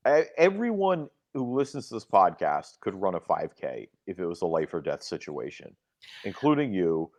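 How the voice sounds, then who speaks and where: A young man with a low voice co-hosts a laid-back sports podcast. He tells stories with animated swings in pitch, acting out what other people said. The sound is close and dry, with no room behind it. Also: normal speed, no echo, muffled recording. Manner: animated storyteller, acts out quoted dialogue with big pitch jumps. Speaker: podcast co-host. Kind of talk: casual sports podcast chat.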